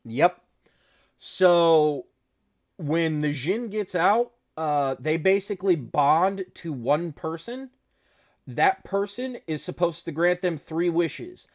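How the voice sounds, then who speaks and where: A man co-hosting a casual chat show, telling stories in a profane, animated way. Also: a little high, takes it slowly, highs cut off. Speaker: podcast co-host.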